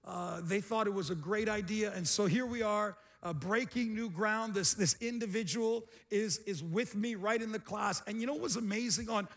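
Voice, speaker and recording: A middle-aged man preaching a sermon as pastor, energetic, with repeated phrases and calls to the congregation. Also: sits high, normal speed, vocal fry, few pauses. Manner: energetic, repetitive call-and-response preaching.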